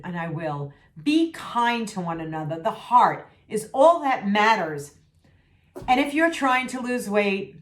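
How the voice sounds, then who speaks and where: A middle-aged woman venting candidly to her viewers in a vlog, sassy and emphatic, repeating herself for emphasis, her voice a little worn. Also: mid-range voice. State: losing her voice. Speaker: vlogger. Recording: echoey room.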